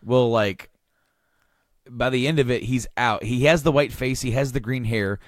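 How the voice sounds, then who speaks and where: A man's voice: mid-range voice, normal speed, dry recording, clean studio sound. A man hosting a podcast, recapping with rambling, enthusiastic casual chat and many restarts. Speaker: podcast host.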